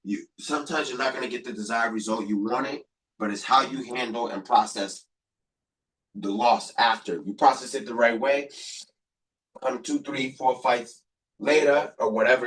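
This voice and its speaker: A man's voice: medium pitch, moderate pace, a bit bright, breathy edge, far from the mic. A man hosting a podcast, giving rambling, motivational sports commentary with lots of repetition and fillers. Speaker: podcast host.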